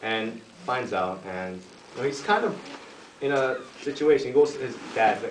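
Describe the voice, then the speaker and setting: A man's voice: mid-range voice, animated, moderate pace. A man telling a long joke in a casual, meandering way, stuffing in "like" and "you know" and slipping into laughter. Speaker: joke teller. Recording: echoey room, distant mic, noisy home video.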